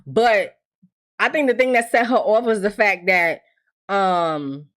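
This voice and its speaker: A woman's voice: mid-range voice, slow, a bit bright. A woman giving a casual, blunt, profane recap of a TV episode, acting out the characters' lines as she goes.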